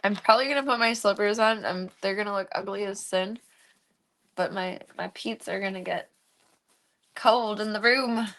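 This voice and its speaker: A woman streamer chatting casually, rambling from one thought to the next. She slips into cooing baby talk whenever she speaks to her cats. Her voice sits at a middle pitch. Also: moderate pace, a bit bright. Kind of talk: casual live-stream chat.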